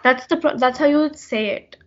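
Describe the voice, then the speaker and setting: A woman with a slightly high voice teaches an online class. She explains patiently, with lots of fillers, and the call audio sounds muffled. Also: brisk. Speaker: language session teacher.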